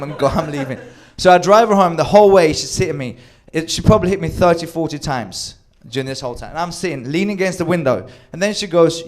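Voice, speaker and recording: Animated male storyteller, slightly high voice. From Sweden. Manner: animated, acts out quoted lines, swears freely. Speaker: storyteller on a comedy show. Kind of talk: live comedic storytelling.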